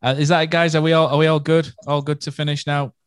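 Hesitant podcast host, dry sound. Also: male voice, on the high side, little pitch movement, fast talker, clear, resonant tone, no room sound. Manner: hesitant, many uhs, wraps things up. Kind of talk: casual football podcast chat.

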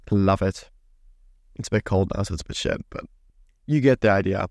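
A man's voice: low voice, darkish tone, dry recording, clean studio sound. A young man hosting a podcast, ranting in a sweary, mock-indignant way. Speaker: podcast host. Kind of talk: solo podcast rant.

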